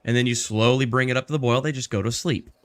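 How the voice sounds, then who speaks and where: A man's voice: mid-range voice, fairly even intonation, fast. A man chatting on a group livestream call, easygoing and explanatory. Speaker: guest on a livestream chat. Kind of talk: casual group call chat.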